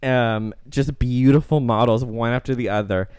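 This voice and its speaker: A man's voice: steady tone, normal speed, a little mellow, clean tone, no echo, studio quality. Chatty man riffing about movies. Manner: rambling, acts out film lines in silly high voices. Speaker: podcast co-host. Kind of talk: casual film discussion.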